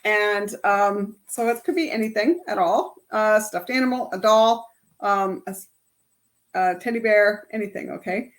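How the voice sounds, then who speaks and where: At a measured pace and medium pitch, a middle-aged life coach talks casually to a group during a self-help workshop. She's chatty and keeps capping her lines with "right?".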